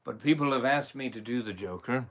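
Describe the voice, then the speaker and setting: A man's voice: mid-range voice, a little fast. A man impersonating a swaggering, rum-loving male pirate captain, chatting on a live stream in playful mock pirate talk. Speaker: character impersonator. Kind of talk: live stream chat in character.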